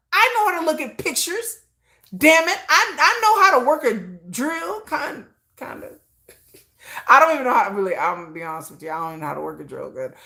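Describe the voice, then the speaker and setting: A woman's voice: sits high, sharp tone. A middle-aged woman hosting a livestream in a casual, self-mocking chat, laughing often and talking straight to her viewers. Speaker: livestream host.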